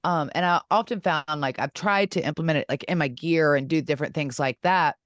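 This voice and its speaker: Middle-aged woman co-host, earnest rambling talker, smooth resonant voice, dry close sound. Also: low voice, brisk, dry recording. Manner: earnest, rambling with many fillers. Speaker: co-host and wrestling champion. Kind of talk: casual podcast chat.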